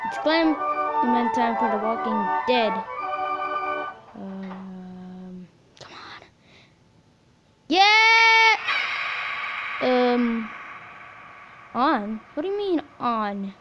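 A woman giving excitable reaction commentary full of gasping exclamations while watching a video. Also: on the high side, very slow, pauses often, lo-fi sound. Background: loud music from the watched video.

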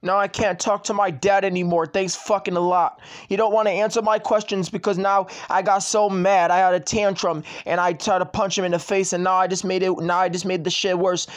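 A man with a noticeably high-pitched voice, talking straight into the camera in a vlog rant. He circles back over the same complaints again and again, swearing freely as he goes. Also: little pitch movement, a little fast, hardly any pauses. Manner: repetitive, swearing, ranting address to YouTube. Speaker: channel owner.

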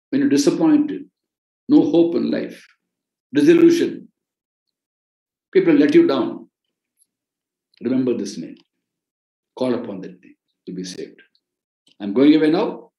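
A man's voice: fairly high pitch, dark tone, reverberant, rough recording. A man with an Indian accent preaching in an earnest way, repeating key phrases for emphasis. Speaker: ministry president and preacher. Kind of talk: sermon-style teaching on a podcast.

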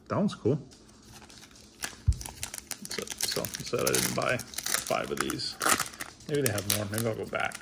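A man's voice: fairly low pitch, gravelly, a bit bright, slight background noise. Wry, mumbling man opening cards. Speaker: card opener. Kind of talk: casual card-opening vlog.

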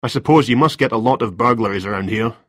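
A man's voice: medium pitch, fast talker, fairly bright tone, no room sound, studio quality, natural voice. A man voicing a cool, formal male police detective in a story reading, questioning in a cold, polite manner. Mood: probing.

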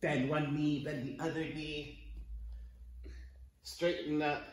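Slow, encouraging man leading kids yoga. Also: a little high, little pitch movement, echoey room. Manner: encouraging and playful, counts breaths. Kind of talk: guiding a kids yoga class. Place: home room.

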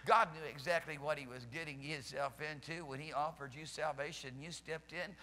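A male pastor preaching a charismatic sermon at a church service, fervent, swinging from loud shouts to soft pleading. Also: fairly high pitch, steady tone, normal speed, big-room sound. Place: church sanctuary during a service.

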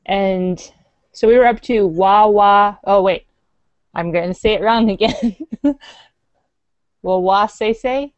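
Woman, language learner, unhurried speech, curious questions, dry muffled lo-fi sound. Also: medium pitch, steady tone, no echo. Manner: curious, asks questions, laughs easily. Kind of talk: casual lesson chat.

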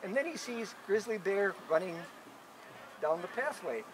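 High-voiced male storyteller. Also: animated, normal speed, background noise. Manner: playful, chuckling, repeats words. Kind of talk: live folk tale storytelling. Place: live event recording.

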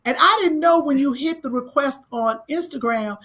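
A woman's voice: sits high, moderate pace, a bit bright. A woman co-hosting a casual comedy livestream, joking and teasing her partner. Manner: playful, teasing banter. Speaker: co-host.

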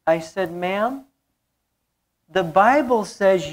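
A woman's voice: medium pitch, animated, slow, pauses often, muffled recording. A woman pastor preaching a sermon, telling a story and repeating key phrases for emphasis.

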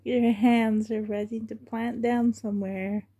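A woman's voice: on the high side, level tone, a little slow, warm tone, husky. A woman vlogging as she unboxes a reborn doll, gushing fondly and often dropping to half-whispered asides. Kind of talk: unboxing vlog chat.

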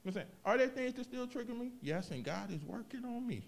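A man preaching a sermon, moving from hushed reflection to loud, animated emphasis, with casual asides to the congregation. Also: extremely high pitch, fast, gravelly. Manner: expressive preaching, swings from quiet to loud, vernacular asides. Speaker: pastor.

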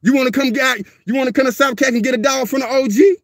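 A man's voice: very high-pitched, fairly even intonation, fast, no echo, clean studio sound. A man, a dog breeder ranting on a livestream in a profane, confrontational way, repeating himself as he calls out a viewer. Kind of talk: livestream rant.

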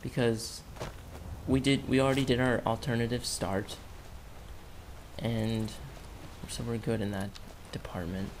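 Game music sits under this clip of a young man, a YouTuber, cracking jokes and wandering through let's play commentary as he talks to characters in the game. The voice is mid-range, and a little hiss or hum comes through.

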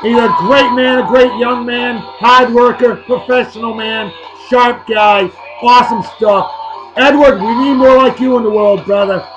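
A man's voice: very high-pitched, steady tone, a little slow, highs cut off, music in the background. A man, hosting a casual beer-review vlog in a boisterous, joking, rambling way. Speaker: host.

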